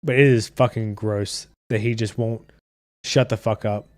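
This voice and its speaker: A man's voice: fairly low pitch, fairly even intonation, a little slow, a little mellow, no room sound, studio quality. A man hosting a casual podcast livestream, reading viewer chat and ranting bluntly with lots of swearing.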